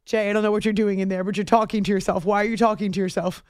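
A woman's voice: medium pitch, flat delivery, racing, darkish tone, slight background noise. A woman hosting a late-night sports radio show, talking casually with sarcastic, self-mocking asides. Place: radio studio. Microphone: studio microphone.

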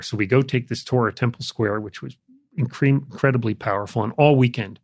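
An older man, an interview guest, telling a personal story in a relaxed, reflective way, with frequent fillers. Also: mid-range voice, fairly quick, breathy edge, no room sound, clean studio sound. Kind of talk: conversational storytelling.

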